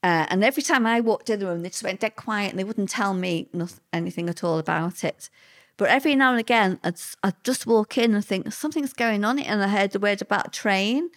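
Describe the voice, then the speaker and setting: A woman's voice: medium pitch, fairly quick, a bit bright. A woman, answering interview questions with plain-spoken, vivid personal recollection.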